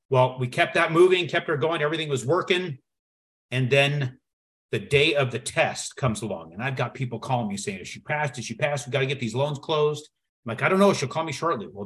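A man telling a personal story as a podcast guest, acting out the dialogue with lively shifts in his voice. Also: mid-range voice. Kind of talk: storytelling in conversation.

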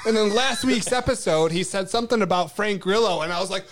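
A man's voice: high-pitched, fast talker, a little hiss or hum. A man co-hosting a casual podcast, joking and laughing through crude banter. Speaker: podcast co-host. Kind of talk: casual chat.

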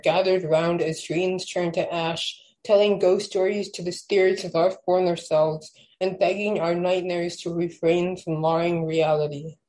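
Mellow low-voiced young woman. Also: a little hiss or hum, rough recording. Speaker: podcast guest, poet. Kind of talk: casual chat and poetry reading.

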